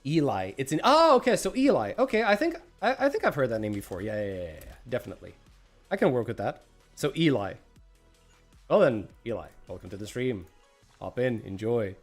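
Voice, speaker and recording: A man's voice: mid-range voice, very animated, a little fast, slightly rough, faint music behind. A man streaming a game, chatting casually, greeting viewers by name and snacking as he talks. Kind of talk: casual livestream chat.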